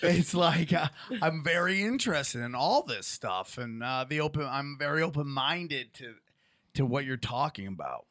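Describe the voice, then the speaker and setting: A man co-hosting a podcast, asking curious questions in a halting way and repeating words. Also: fairly high pitch, lively intonation, fairly bright tone, no echo. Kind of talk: casual podcast talk.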